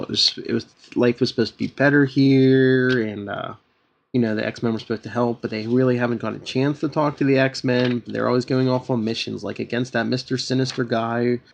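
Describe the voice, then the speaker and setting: A man's voice: medium pitch, creaky, a little hiss or hum. A man hosting a podcast, casually retelling a comic book plot with lots of fillers and quoted lines. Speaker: podcast host.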